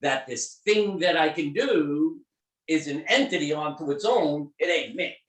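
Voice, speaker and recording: A middle-aged man telling a story in an interview, animated and emphatic, swearing freely. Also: a little high, unhurried, far from the mic. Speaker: guest therapist. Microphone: video call. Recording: echoey room on a video call.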